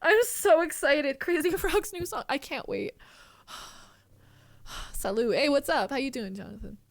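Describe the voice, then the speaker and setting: Woman, high voice, streamer, excitable, giggly, casual swearing, dry close mic. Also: a little slow, creaky, no room sound. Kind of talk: casual live-stream chat. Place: home streaming room.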